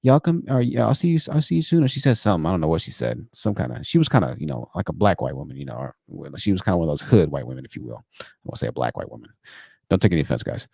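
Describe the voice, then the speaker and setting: A man hosting a livestream call-in show, telling stories in a chatty, animated way and laughing at his own jokes. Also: very deep voice, very fast, vocal fry, husky, no room sound, studio quality. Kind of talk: livestream commentary and storytelling.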